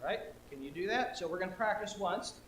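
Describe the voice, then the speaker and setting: A man's voice: high voice, animated, brisk, a bit bright, a little hiss or hum. Playful male minister in roomy sanctuary. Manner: playful, coaching the congregation. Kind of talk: leading a participatory poem in a service. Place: church sanctuary. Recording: roomy hall echo.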